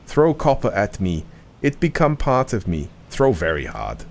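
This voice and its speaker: A man voicing a slow, simple-minded stone golem that talks in broken, heavy phrases. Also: on the low side, huge pitch swings, gravelly, slight background noise, heavily acted. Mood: dim.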